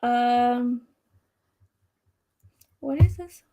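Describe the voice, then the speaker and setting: A woman with a fairly high voice co-hosts a relaxed live stream. She jokes about herself, trips over words now and then, and keeps the tone light. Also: very slow. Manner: playful, self-mocking, stumbles over words. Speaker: co-host. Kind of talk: casual live-stream chat.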